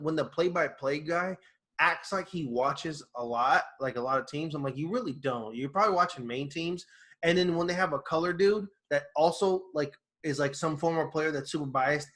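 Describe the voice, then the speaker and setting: Animated man on a casual podcast. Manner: animated, slangy, acts out quotes with big pitch jumps. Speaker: podcast co-host. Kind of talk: casual chat.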